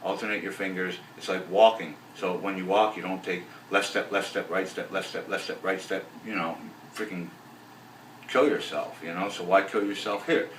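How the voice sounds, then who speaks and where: A man teaching a bass lesson in a relaxed, rambling way, counting beats aloud as he explains. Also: moderate pace, a little hiss or hum. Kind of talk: casual video lesson. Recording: roomy, voice from a distance off the mic.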